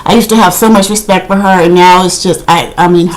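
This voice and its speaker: A woman's voice: lowish voice, steady tone, a little fast, rough recording. Woman gossiping about a reality show episode, fed up, keeps saying i mean. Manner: indignant, gossipy, repeats "I mean". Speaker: video reviewer. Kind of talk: casual reality TV recap.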